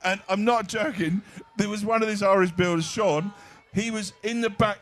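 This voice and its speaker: A middle-aged man, a comedian guest on stage at a live event, telling long animated anecdotes and acting out other people's voices. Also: sits high, normal speed. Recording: echoey live stage sound.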